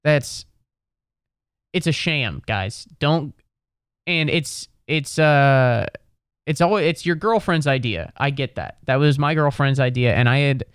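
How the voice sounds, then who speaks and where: A man's voice: medium pitch, expressive, a little slow, smooth, no room sound, clean studio sound. A man doing a rambling, exasperated stand-up routine, swearing freely. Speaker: comedian. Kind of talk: stand-up comedy monologue.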